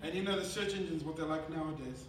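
Kiwi man preaching, higher voice, lively storytelling, echoey hall, mic far off, background noise. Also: quick pace. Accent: New Zealand. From New Zealand. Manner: animated storytelling, swings between loud laughing bursts and quiet earnest passages. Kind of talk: sermon with personal story.

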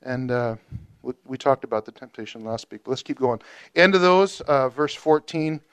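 A man teaching a Bible study group in a casual, animated way, joking and asking questions. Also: mid-range voice, normal speed, smooth, dull audio.

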